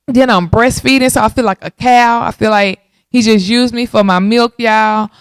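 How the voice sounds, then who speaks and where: A woman in her thirties hosting a podcast, telling her own story in a casual, animated way and talking straight to her listeners. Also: fairly high pitch, moderate pace, smooth, no echo, studio quality. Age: 30s. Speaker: podcast host.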